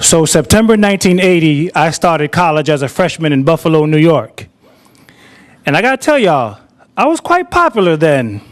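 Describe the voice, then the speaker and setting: High-voiced man telling a story. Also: very animated, moderate pace. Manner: conversational, acts out quoted dialogue. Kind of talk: live personal storytelling. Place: theater stage.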